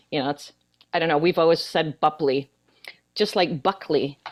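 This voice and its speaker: An older actress, appearing as a guest in a casual interview, chats and tells a long joke with lots of animation. Her voice is deep and her pace brisk.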